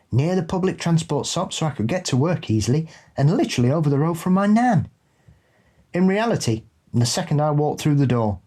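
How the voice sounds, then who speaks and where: A man co-hosting a ghost story podcast, chatting casually and reading out listener stories in a dry, unhurried way. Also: mid-range voice, a little mellow, husky. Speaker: podcast co-host.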